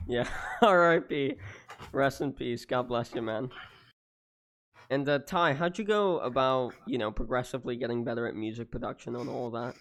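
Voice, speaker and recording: A man's voice: medium pitch, moderate pace, fairly bright tone. A man hosting a casual livestream podcast, joking and reading out viewer comments in a laid-back way. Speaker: podcast host reading chat.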